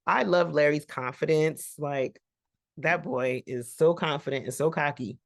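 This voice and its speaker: A woman's voice: sits low, measured pace, creaky, no room sound, studio quality. A woman vlogger giving a rambling, colloquial recap of a TV episode, with laughing asides. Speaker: TV reaction vlogger.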